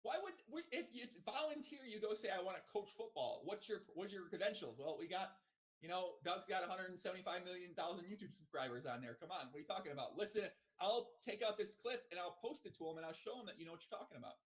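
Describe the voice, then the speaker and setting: Male podcast co-host, fast and high, joking banter. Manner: joking, excitable, swears freely. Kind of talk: casual podcast chat.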